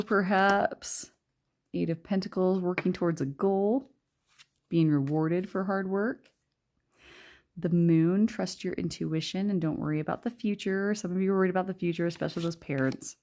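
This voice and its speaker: This is a young woman doing a casual pick-a-card tarot reading, her voice sitting low and mellow. She talks in a loose, rambling way full of fillers, and reads out card messages as she goes. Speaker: tarot reader.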